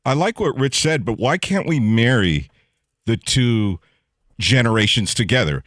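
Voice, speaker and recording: Dry-teasing man, lively pitch. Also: unhurried, no echo. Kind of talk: casual talk.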